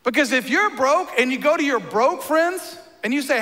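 A man with a high, forceful, bright voice preaches in a church, and long reverb rings behind him. He moves between easy, joking conversation and emphatic, punchy lines. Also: lively intonation, moderate pace. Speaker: pastor. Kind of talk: sermon.

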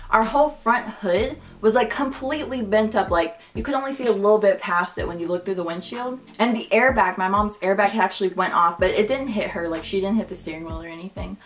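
A woman's voice: medium pitch, a little fast, faint music behind. A young woman telling a casual storytime, chatty and full of "like". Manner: chatty, heavy use of "like". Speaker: vlogger.

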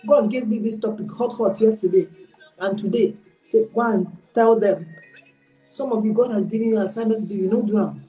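A woman's voice: mid-range voice, a little fast, mellow, soft background music. A woman giving an informal, exhorting online sermon, mixing in pidgin phrases. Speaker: preacher. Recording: roomy echo.

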